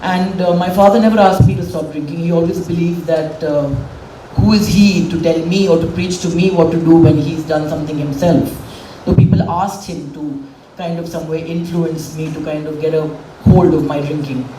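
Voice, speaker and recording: A woman's voice: low voice, fairly even intonation, normal speed. A middle-aged woman speaks candidly and with emotion at a public event. Her voice is picked up from a distance in a roomy hall with reverb. Faint room noise hums behind her. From India. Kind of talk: public speech.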